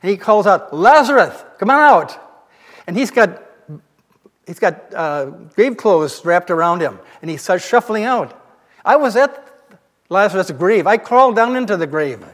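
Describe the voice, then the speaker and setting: A man's voice: high-pitched, expressive, normal speed, long reverb tail. A male pastor giving a sermon, retelling scripture as a casual, conversational story.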